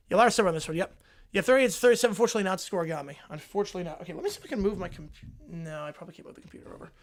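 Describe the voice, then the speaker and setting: A young man with a fairly high voice runs a live football reaction stream from his home desk. He reads viewer messages aloud, excitable and rambling, as he talks into his desk mic. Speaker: livestream host reacting to football. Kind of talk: live stream chat reading donations. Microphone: desk mic with headphones.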